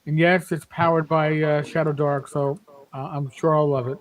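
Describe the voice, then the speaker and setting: A man's voice: a little high, level tone, normal speed, low-quality recording. A man in his fifties chatting on a panel podcast, emphatic and rambling, with many restarts. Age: 50s. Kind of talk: casual panel chat.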